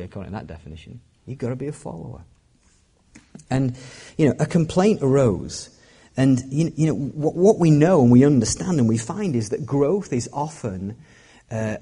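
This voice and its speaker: A man's voice: mid-range voice, mellow, breathy edge. A middle-aged man preaching a sermon as a pastor, joking and self-deprecating as he talks. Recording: long hall reverb.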